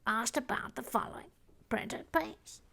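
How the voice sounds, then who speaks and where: A woman's voice: fairly high pitch, measured pace, creaky, background noise. A woman co-hosting a LEGO stream, reading out trivia in a dry, matter-of-fact way with wry asides. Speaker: co-host sharing LEGO trivia. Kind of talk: casual chat with read-out facts.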